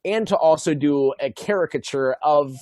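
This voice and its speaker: A young man co-hosting a podcast in casual chat, enthusiastic and quick to laugh. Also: fairly high pitch, darkish tone, no echo, studio quality. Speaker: podcast co-host.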